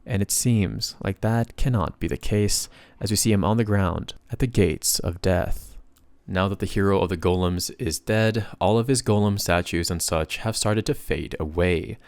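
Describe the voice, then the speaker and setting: Low-voiced man narrating a comic recap. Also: moderate pace, smooth, no room sound. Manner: casual, plain retelling with slang.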